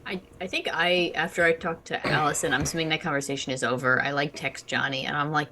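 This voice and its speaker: Brief: woman player, very low pitch, forceful bright tone, brisk. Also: steady tone. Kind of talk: casual tabletop game play.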